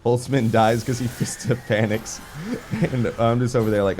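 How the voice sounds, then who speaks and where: A young man giving casual, rambling commentary over his gameplay footage, full of fillers and excited asides. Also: mid-range voice, moderate pace, a little hiss or hum. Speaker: gaming video creator.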